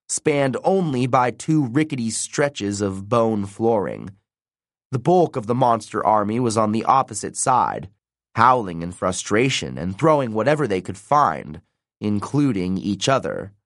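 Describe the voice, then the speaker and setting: A man narrating an audiobook in an expressive, dramatic reading style, recorded on a close studio mic. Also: medium pitch, dry recording. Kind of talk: scripted narration.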